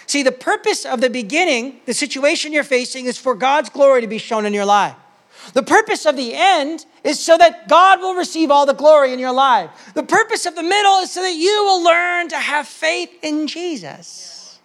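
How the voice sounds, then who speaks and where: Passionate high-voiced male pastor. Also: expressive, moderate pace. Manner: passionate preaching, swings from loud to soft. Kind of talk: sermon.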